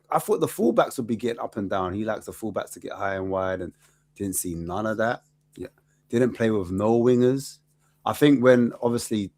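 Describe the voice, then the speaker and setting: A man chatting casually about football as co-host, using slang and acting out what people said. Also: fairly low pitch. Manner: animated, street slang, acts out quotes. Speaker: co-host and fan pundit. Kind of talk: casual football podcast chat.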